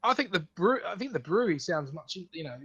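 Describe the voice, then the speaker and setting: Bright, higher-voiced man, hesitant. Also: very animated, fast, slightly rough, no echo, muffled recording. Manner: hesitant, repeats words, laughs easily. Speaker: new player. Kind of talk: casual chat while making a character. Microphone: online voice call.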